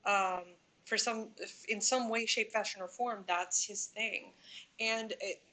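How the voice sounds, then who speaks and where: A woman hosting a reaction commentary channel, her voice bright and forward. She rambles and speculates, leaning on fillers as she works through her point. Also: medium pitch, fairly even intonation, slow.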